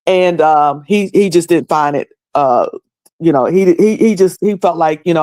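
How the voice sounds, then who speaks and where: A woman's voice: low voice, moderate pace, dark tone, no echo. Rambling Southern woman streamer, dry close sound. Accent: Southern US, North Carolina. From North Carolina. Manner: rambling, many fillers and restarts. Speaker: livestream host. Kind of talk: casual livestream chat.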